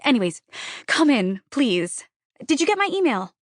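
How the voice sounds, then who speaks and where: A woman's voice: high-pitched, big pitch swings, normal speed, dry recording, studio quality, voice pushed up. A woman doing a chirpy, polished young mom. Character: bright, polished young mother, eager and polite.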